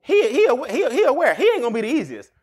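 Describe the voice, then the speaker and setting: A man hosting a show, giving street-wise motivational advice in an animated way, laughing often and acting out quick exchanges. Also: very high-pitched. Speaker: podcast host.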